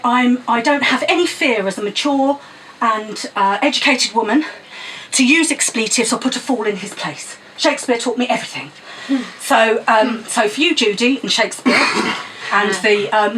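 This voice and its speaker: A middle-aged woman reads her poetry live from a stage in a small cafe venue. Her voice sits high and sounds bright and sharp, and the mic picks it up from a little distance, with a faint hum of the room behind her. She chats and giggles between poems, then launches into punchy, sweary rhymes. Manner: chatty, giggly asides between sweary, punchy rhyming verse. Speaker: performance poet. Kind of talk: live spoken-word poetry reading.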